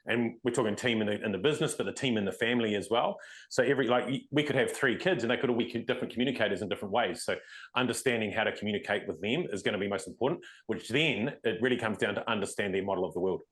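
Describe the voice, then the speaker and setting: A man's voice: on the low side, very fast, a bit bright. A middle-aged man co-hosting a podcast in casual discussion, explaining leadership ideas earnestly at length with many restarts. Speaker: podcast co-host.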